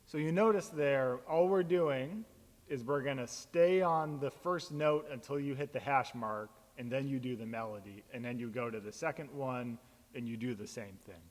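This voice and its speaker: A man, a pastor, casually explaining how to chant psalms, relaxed and plain-spoken with frequent fillers. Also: mid-range voice, normal speed, long reverb tail.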